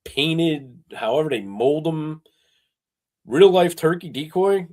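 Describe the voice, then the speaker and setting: A man co-hosting a casual chat show who rambles through animated stories full of fillers. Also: fairly high pitch, takes it slowly. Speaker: co-host.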